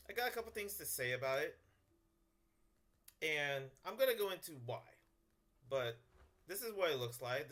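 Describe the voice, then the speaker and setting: A man's voice: mid-range voice, pushed and bright. A man hosting a casual gameplay video, talking in a jokey, rambling way and chuckling between phrases. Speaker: gaming video host.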